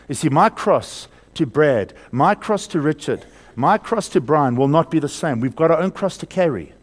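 A man preaching a sermon, swinging between loud emphasis and hushed, slowed lines, asking the congregation questions and having them repeat words. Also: on the high side, animated.

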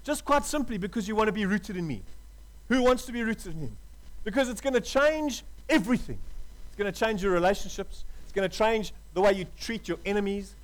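Guy preaching a sermon, high voice, gets hushed then loud, keeps saying folk. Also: animated, brisk, poor audio. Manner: passionate, swings from hushed to loud; addresses listeners as "folk".

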